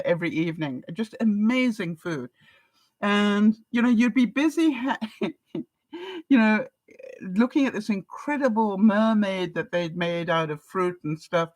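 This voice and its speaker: On a casual live stream, an older English vlogger with an English accent reads out viewer comments and laughs often. She speaks at medium pitch, and the recording has no room sound.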